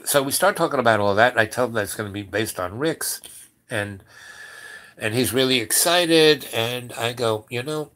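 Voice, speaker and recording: A man's voice: mid-range voice, lively intonation, normal speed, a bit bright. A man telling a long story in a casual, rambling way, with many fillers and restarts, acting out the dialogue.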